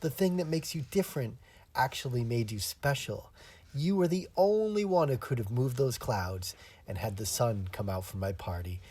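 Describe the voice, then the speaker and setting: A man's voice: mid-range voice, animated, moderate pace, breathy edge. A man voicing a kind, grateful female mermaid in a children's storybook, speaking in a reassuring way. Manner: warm, reassuring.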